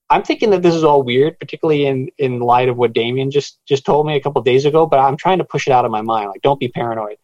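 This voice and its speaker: A man's voice: mid-range voice, fast talker, few pauses, a little mellow, dry recording, dull audio. A man being interviewed about his book, retelling a strange encounter with many stammered restarts and quoted voices. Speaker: author guest. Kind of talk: storytelling interview.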